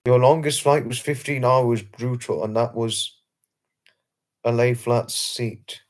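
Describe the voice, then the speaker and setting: A British man hosts a late-night livestream from a home setup. He reads viewers' comments aloud and answers them by name. His talk is casual and emphatic, and he repeats phrases often. His voice sits in an ordinary middle pitch. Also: steady tone, takes it slowly. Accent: British English. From England. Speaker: livestream host.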